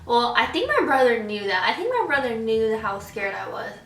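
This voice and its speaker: A lively young woman, a vlogger, tells stories over a meal and acts out every scene. Her voice is bright and on the high side. It sits a little off the mic in a roomy, echoey space with faint noise behind her. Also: normal speed, distant mic. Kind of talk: casual storytelling over a meal.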